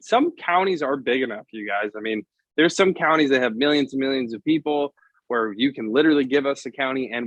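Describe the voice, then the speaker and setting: A man of middle pitch on a video call, pitching his service in an upbeat, salesy way. The sound is dry and dull, with a lo-fi edge and no room echo. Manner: upbeat sales pitch, spells out web addresses. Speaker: lead vendor guest. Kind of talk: casual video interview.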